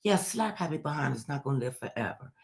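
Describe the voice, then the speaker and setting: An older woman telling a personal story in a casual interview, animated and expressive. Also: quick pace, gravelly. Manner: animated, acts out quoted voices with big pitch jumps.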